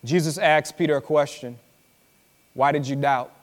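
With a voice on the high side and fairly even intonation, a pastor preaches to his congregation, elongating words and repeating lines for slow, dramatic effect. He speaks to them conversationally, telling them to listen, and the live church recording has hall reverb.

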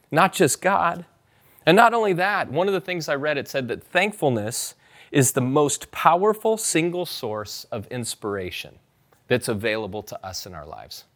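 Conversational pastor preaching a sermon. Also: male voice, high-pitched, a bit bright. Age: adult parent. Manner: conversational preaching, urging the congregation to repeat scripture.

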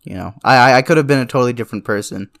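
On a late-night podcast, this young co-host talks very fast in a mid-range, slightly bright voice with vocal fry. He moved to Canada when young, and his casual chat rambles along, full of cursing and frequent laughter.

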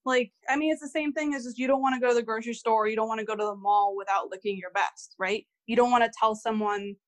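A woman's voice: a little high, fairly even intonation, fast. A young woman in her twenties, a graduate student appearing as a podcast guest, who talks casually and agreeably with lots of "like" fillers. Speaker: guest, neuroscience PhD candidate. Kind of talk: casual conversation.

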